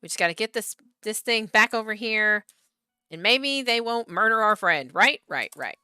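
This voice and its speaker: A woman's voice: medium pitch, lively intonation, moderate pace, pushed and bright, clean tone, no echo, clean studio sound, soft background music. A woman streamer playing a horror game, chatting, reading the on-screen text aloud, and talking back to the characters.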